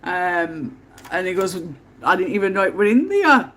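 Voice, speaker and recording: A woman's voice: lowish voice, big pitch swings, normal speed, fairly bright tone. Chatty woman storyteller. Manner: chatty storyteller, laughs often. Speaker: livestream host. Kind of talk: casual livestream chat.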